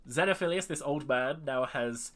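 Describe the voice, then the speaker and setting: A man running a tabletop game as dungeon master, narrating in a relaxed way with many fillers and restarts. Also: on the low side, moderate pace.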